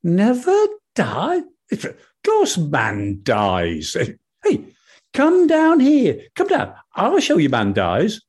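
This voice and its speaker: A man voicing an excitable male rabbit in a told folk tale, squeaky and stammering. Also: slow pace, breathy edge, exaggerated voice. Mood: insistent.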